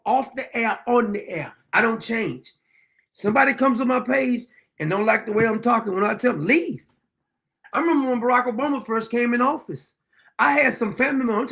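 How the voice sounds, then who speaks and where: A man's voice: very high-pitched, gravelly, fairly bright tone. A middle-aged man hosting his own show, delivering a blunt, combative political monologue and swearing freely. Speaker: show host.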